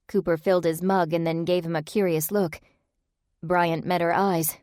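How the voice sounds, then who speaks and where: Casting: measured audiobook narrator, woman, lower voice, dry booth sound. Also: fairly even intonation, a little mellow, no echo.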